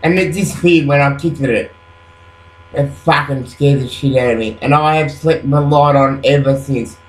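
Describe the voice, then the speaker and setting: Woken up in the night, a vlogger rambles agitatedly into his webcam at home, cursing nonstop and leaning on "you know" as filler. He speaks at medium pitch and normal speed, with a roomy echo on the recording.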